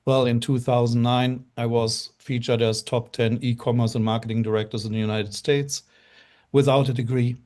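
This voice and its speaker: On a live show, a middle-aged guest from Germany earnestly recounts his story in a German accent, rambling with many fillers. He talks at normal speed in a mid-range, darkish voice with little pitch movement.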